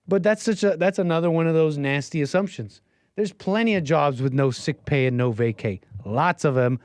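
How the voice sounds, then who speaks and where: A man's voice: on the high side, darkish tone, no room sound. Opinionated man giving dry commentary. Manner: opinionated, mocking. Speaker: livestream host. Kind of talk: political commentary.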